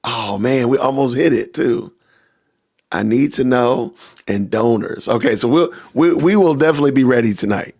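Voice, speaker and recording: Gravelly man chatting on a livestream. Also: medium pitch, moderate pace. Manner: talks to chat with y'all, reacting loudly. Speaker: podcast host. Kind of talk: casual livestream chat.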